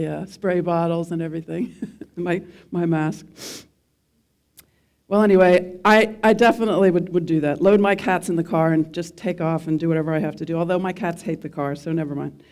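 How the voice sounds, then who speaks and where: A woman's voice: on the low side, darkish tone. Wry, self-mocking middle-aged woman speaker. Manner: self-deprecating, wry humor with audience questions. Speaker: speaker at a mental health event. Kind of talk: personal talk to a live audience.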